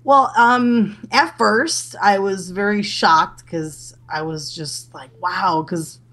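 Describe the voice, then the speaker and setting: A woman's voice: mid-range voice, slow, fairly bright tone. A woman chatting as an interview guest, with many restarts and fillers. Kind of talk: casual interview chat.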